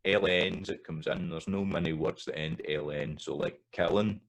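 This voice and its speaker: A Scottish man with a very deep, low voice gives a lesson over slides. He teaches in an explanatory way and stops often to say example words and sound out rhythms. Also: fairly even intonation, moderate pace, poor audio. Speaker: language teacher.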